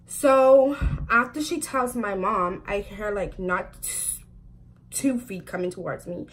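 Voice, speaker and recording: A woman in her twenties telling a storytime vlog, talking quickly and chattily with lots of "like" fillers and frequent laughs. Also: medium pitch. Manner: chatty and fast, full of "like" fillers, laughs often. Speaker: vlogger.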